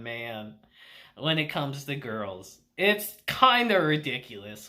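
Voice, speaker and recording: A man's voice: mid-range voice, big pitch swings, slow pace, sharp tone. A man casually recapping and reviewing an anime episode, laughing often and swearing freely.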